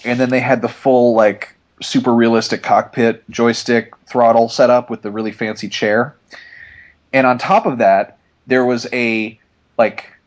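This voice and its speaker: A young man chats on a podcast in an ordinary mid-pitched voice. He rambles through his story, stopping for fillers and starting sentences over, easygoing and loose. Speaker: podcast regular. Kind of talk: casual podcast chat.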